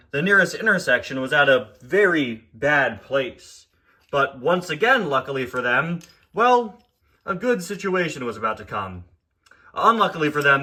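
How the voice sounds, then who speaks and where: A man's voice: medium pitch, sharp tone. A man narrating a toy-train parody story in an offhand, jokey way.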